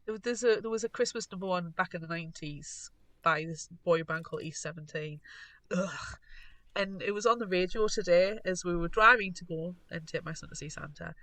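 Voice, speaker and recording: A woman's voice: lowish voice, brisk, a bit bright, no room sound. A woman co-hosting a podcast, chatting in an outspoken, emphatic way. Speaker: podcast co-host. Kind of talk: casual chat.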